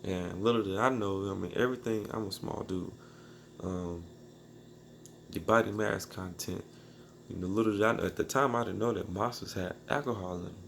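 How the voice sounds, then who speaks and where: Gravelly low-voiced man telling a story. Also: moderate pace, a bit bright, slight background noise. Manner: loose, rambling slang-filled storytelling with restarts. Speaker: beatmaker telling a personal story. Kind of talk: casual storytelling.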